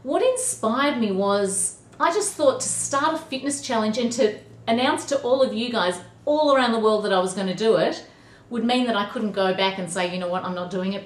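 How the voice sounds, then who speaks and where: Speaking to a classroom of children through a casual video message, this Australian woman answers their questions with cheerful, teacherly chatter. She has a medium-pitched voice, and the recording is reverberant with slight background noise.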